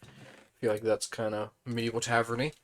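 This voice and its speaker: Male streamer with a hoarse, worn voice at mid pitch, casual, mutters through tasks. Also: level tone, moderate pace, a bit bright. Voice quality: thinks aloud, mutters to himself, chatty. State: hoarse, voice fading. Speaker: streamer playing a building game. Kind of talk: casual live-stream commentary.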